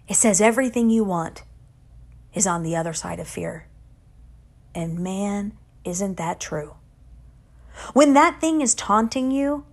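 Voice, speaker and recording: Middle-aged woman, Christian speaker; earnest, emphatic devotional delivery with quiet low asides, average pitch. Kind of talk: devotional encouragement talk.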